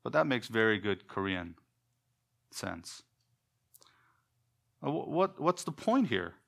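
A man's voice: on the low side, big pitch swings, takes it slowly, vocal fry, fairly bright tone. Man explaining scripture emphatically. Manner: explanatory, emphatic, repeats words while thinking. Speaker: bible teacher. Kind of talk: bible teaching lecture.

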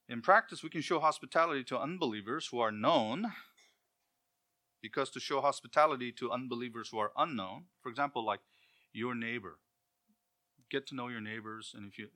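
A man's voice: on the low side, sharp tone. A man preaching a sermon in a conversational way, with rhetorical questions and acted-out quotes.

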